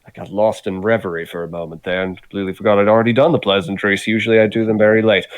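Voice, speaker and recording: Man doing a nerdy scaly scholar creature, polite and formal, lowish voice, dry close mic. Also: flat delivery, racing, no room sound, narrow, tinny audio, natural voice. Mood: sheepish. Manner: courteous, formal and chatty.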